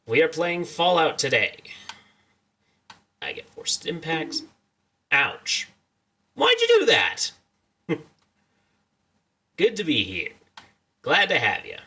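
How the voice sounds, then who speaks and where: A man's voice: on the high side, very animated, slow, long pauses, pushed and bright, breathy edge. A young man streaming a video game, joking and rambling as he chats to his viewers in a casual way. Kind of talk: casual let's-play commentary.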